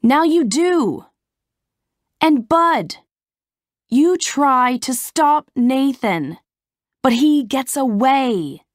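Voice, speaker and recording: A woman's voice: high-pitched, lively intonation, extremely slow, pauses often, dry recording, clean studio sound, voice pushed up, exaggerated voice. A woman voicing an adult male film director, calling out instructions in a lifted, emphatic voice. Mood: directing.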